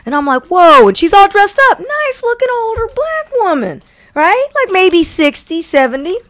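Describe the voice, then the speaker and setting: High-voiced woman telling a story. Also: moderate pace, no room sound. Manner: animated, acts out quotes. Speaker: co-host. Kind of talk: casual storytelling chat.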